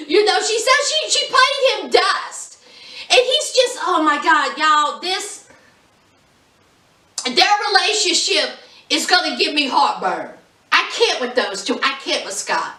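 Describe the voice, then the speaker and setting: A woman recapping a reality show in a sassy, mocking, animated way. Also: very high voice, unhurried, roomy sound, distant mic. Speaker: reality TV reviewer. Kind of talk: casual recap commentary.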